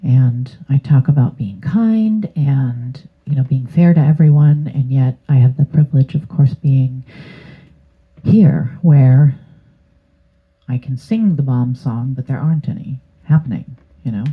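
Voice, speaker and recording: A woman's voice: a bass voice, a little slow, breathy edge. A woman giving a casual tarot reading to her channel, rambling and hesitant with many fillers. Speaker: tarot reader. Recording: tinny phone-like sound.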